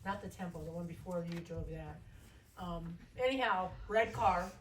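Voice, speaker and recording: A woman's voice: lowish voice, normal speed. A woman sharing memories at a memorial service, chatty and often laughing as she tells her stories. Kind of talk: informal eulogy storytelling. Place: memorial service gathering, indoors. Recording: echoey room from far off, loud noise.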